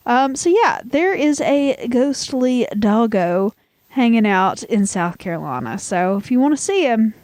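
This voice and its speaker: A woman's voice: on the high side, very animated, unhurried, a little mellow, no echo. A woman with a Southern American accent, co-hosting a podcast in casual, rambling chat and laughing often. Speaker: podcast co-host.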